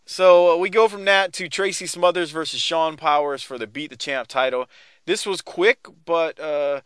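A man's voice: mid-range voice, fairly bright tone, smooth, no room sound. A man from New Orleans hosting a casual chat about old wrestling, laughing often and rambling with restarts. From New Orleans, Louisiana. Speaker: podcast host.

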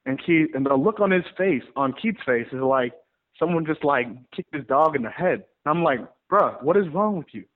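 A man who wrestles, telling stories in a rambling, animated way in a casual interview. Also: on the high side, normal speed. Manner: rambling, animated storyteller with many restarts. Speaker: pro wrestler guest. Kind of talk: casual interview over the phone. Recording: tinny phone line.

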